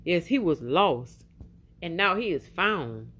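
A preacher voicing a father gently reasoning with his son, reading slowly and solemnly. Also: mid-range voice, sing-song, voice pushed down, heavily acted. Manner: slow, solemn scripture reading.

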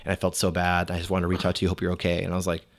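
Young man, casual podcast chat, slightly low voice, swears a lot, lots of "like", animated storytelling. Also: very fast. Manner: animated, profane storytelling with many "like"s. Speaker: storyteller guest.

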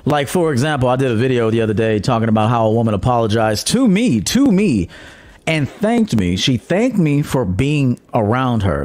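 A man's voice: sing-song, normal speed, darkish tone. A man hosting his own podcast as a dating coach, talking bluntly and profanely, mocking others and laughing at his own jabs. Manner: mimics commenters in a high mocking voice. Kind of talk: blunt monologue.

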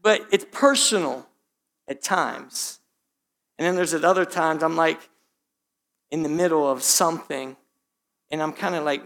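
A male pastor, slightly hoarse, preaching a sermon in a conversational way, speaking straight to the congregation and repeating his points. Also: a little high, measured pace, pauses often, a bit bright. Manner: conversational, direct address to the congregation, frequent repetition.

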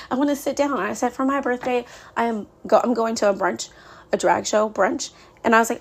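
A woman in her thirties talks straight to her listeners in a loose, unscripted podcast monologue. Her voice has a gravelly, fry-laden edge at an ordinary middle pitch. She vents openly and often laughs at her own frustrations. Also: moderate pace. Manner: candid and venting, with frequent laughs. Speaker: podcast host.

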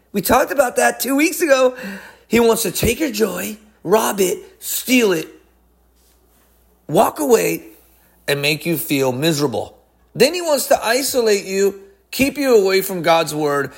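A man preaching a sermon, emphatic, swinging between high excited lines and low hushed ones.

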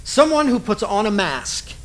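Animated preaching man. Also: high-pitched, moderate pace, rough recording. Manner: animated preaching with acted-out asides. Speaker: pastor. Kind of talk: sermon.

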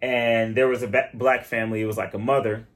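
Man from Michigan telling animated stories. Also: mid-range voice, fairly quick. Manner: animated storytelling with quoted voices. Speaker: podcast co-host. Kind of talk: casual chat.

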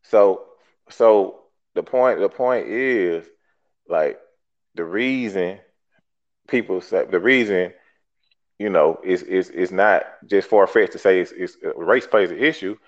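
A man's voice: sits low, slow pace. A talk show host, arguing emphatically and bluntly, swearing and repeating himself to make his point. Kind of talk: heated call-in debate. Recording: dull lo-fi podcast audio.

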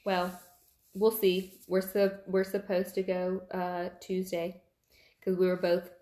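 A woman's voice: on the low side, completely flat delivery, slow pace, dark tone. A woman in her twenties co-hosting a casual chat, talkative and giggly, often trailing off mid-sentence. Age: 20s. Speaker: podcast co-host. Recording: echoey room.

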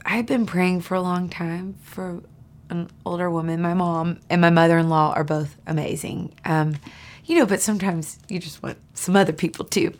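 Woman guest, lowish and gravelly, earnest and confiding, slips into whispers. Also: steady tone, moderate pace. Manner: earnest, drops to a soft whisper for emphasis. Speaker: podcast guest. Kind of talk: heartfelt conversational sharing.

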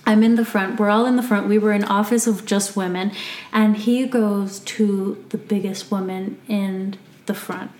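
A woman who works as a massage therapist, chatting casually and telling lively stories from work, acting out what people said. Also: medium pitch, moderate pace. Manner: animated storyteller, acts out quotes. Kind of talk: casual podcast chat. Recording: echoey room.

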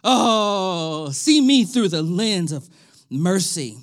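A man in his thirties, a pastor preaching a sermon with animated, emphatic delivery, laughing and talking directly to his congregation. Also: high voice, slow pace. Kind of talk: livestreamed sermon.

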